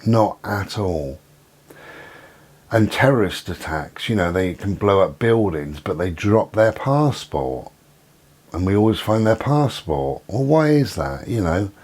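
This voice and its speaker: A man hosting his own channel, giving a rambling, conspiratorial monologue with many pauses and fillers. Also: low-pitched, expressive, darkish tone. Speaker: channel host.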